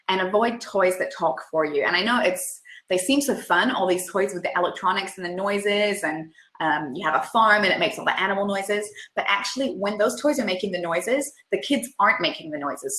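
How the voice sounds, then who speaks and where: In an echoey room, a female speech and language therapist presents a webinar, now and then breaking into playful, high, excited sound effects to demonstrate for parents.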